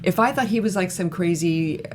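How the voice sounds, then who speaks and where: Low-voiced woman chiming in playfully. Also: moderate pace, a little hiss or hum. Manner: playful, chimes in and teases. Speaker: actress, interview guest. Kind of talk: casual interview chat.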